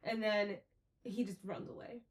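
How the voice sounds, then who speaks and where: A woman's voice: mid-range voice, steady tone, unhurried. A woman co-hosting a book podcast, casually recapping the plot and readily agreeing and laughing. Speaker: podcast co-host.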